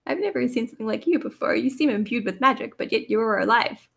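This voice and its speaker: A woman's voice: a little high, fast, vocal fry, a bit bright. A woman voicing a formal, courteous young wanderer from the misty woods. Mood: wondering.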